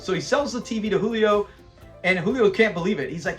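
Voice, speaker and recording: On his own channel, a man with a high voice gives a chatty, animated recap of a sitcom episode, speaking a little fast and acting out the characters' lines. Soft music plays in the background.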